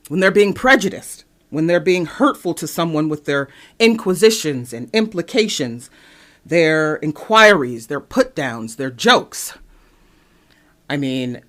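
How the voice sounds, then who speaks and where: A young woman from East Cleveland, Ohio, hosting a podcast and telling personal stories in an animated, emphatic way. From East Cleveland, Ohio, USA. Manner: animated storytelling, sharp pitch jumps when emphatic. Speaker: podcast host. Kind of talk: personal commentary monologue.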